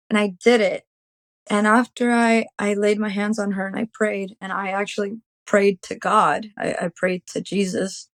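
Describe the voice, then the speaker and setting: A woman's voice: mid-range voice, little pitch movement, normal speed, no room sound. A young woman telling an emotional personal story as an interview guest, rambling with many fillers.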